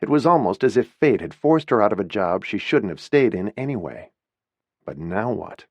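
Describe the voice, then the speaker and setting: A man reading a novel aloud as an audiobook narrator, with an expressive storytelling delivery. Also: lowish voice, moderate pace, no echo, muffled recording.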